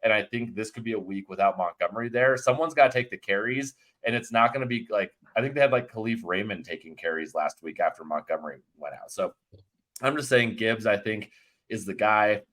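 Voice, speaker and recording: Casual male sports-betting cohost, lowish voice, loose rambling delivery with jokes. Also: brisk, a bit bright. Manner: rambling, filler-heavy, joking. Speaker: fantasy sports analyst.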